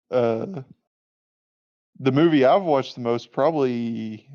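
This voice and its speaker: A man's voice: mid-range voice, very slow, mellow. Laughing man with a dull lo-fi sound. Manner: laughs often, easygoing. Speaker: podcast co-host. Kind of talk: casual chat.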